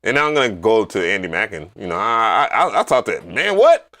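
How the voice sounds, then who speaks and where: A man hosting a casual livestream, telling stories in an animated, profane way with loud excited outbursts. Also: lowish voice, quick pace. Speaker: livestream host.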